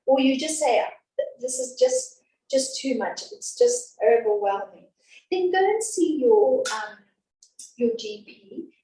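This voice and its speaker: A woman's voice: on the high side, a little mellow. A woman teaching an antenatal class in a chatty, reassuring, down-to-earth way, in a classroom. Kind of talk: informal class talk. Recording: echoey room from a distance.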